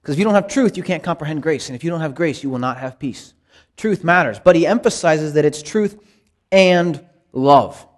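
A man with a slightly high voice and moderate pace teaches a Bible study. His style is a conversational sermon, earnest and emphatic, with lively rises when he reads scripture aloud.

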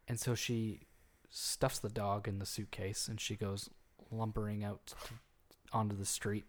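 Low-pitched and unhurried, with a level tone, this podcast co-host rambles through an urban legend in casual storytelling chat, restarting often and leaning on fillers. Slight background noise is audible.

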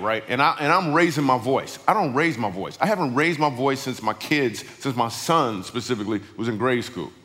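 A man's voice: medium pitch, fairly bright tone. Middle-aged guy joking and telling stories, laid-back slangy talk, big reverby hall. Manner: casual, conversational, slangy storytelling. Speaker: guest speaker. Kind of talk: storytelling talk with humor. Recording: long reverb of a large hall.

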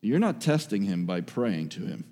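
A man preaching a sermon with emphasis, repeating key phrases and swinging between raised exhortation and hushed, quiet lines. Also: fairly low pitch, sing-song, normal speed. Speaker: pastor.

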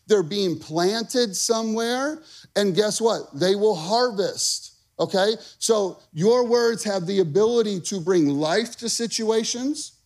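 A man in his thirties, a pastor preaching a lively, conversational sermon, calling out to the congregation. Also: sits high, takes it slowly. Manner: energetic, conversational preaching with call-and-response.

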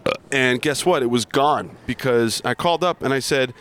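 A man's voice: medium pitch, moderate pace, fairly bright tone, smooth. A man co-hosting a podcast from inside a car, telling stories in a rambling, jokey way. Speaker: podcast co-host. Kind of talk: casual banter.

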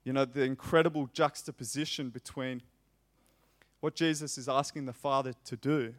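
In a medium-pitched, fairly even voice, a man preaches a sermon, reading scripture aloud. He delivers it slowly and with passion, repeating phrases that swell loud and emphatic.

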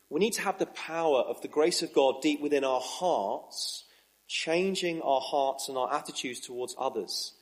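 A man preaching a sermon in an earnest, measured way, with emphatic rises. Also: a little high.

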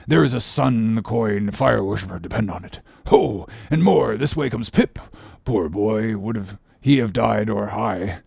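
A man playing an excitable gravelly sailor. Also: lowish voice, unhurried, no echo, clean studio sound, heavily acted. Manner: gossipy running commentary, exclamatory. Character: jeering, excitable sailor mate. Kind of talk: audiobook character reading.

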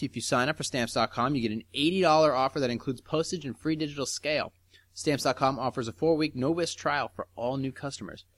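A man's voice: mid-range voice, no room sound. A man hosting a podcast, brash and swearing, chatting casually and reading an ad. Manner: brash, swears, talks while chewing. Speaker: podcast host. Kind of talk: casual podcast banter and read ad.

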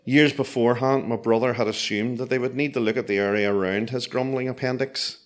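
A man telling a comic personal story with dry, self-mocking, deadpan asides. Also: mid-range voice, brisk.

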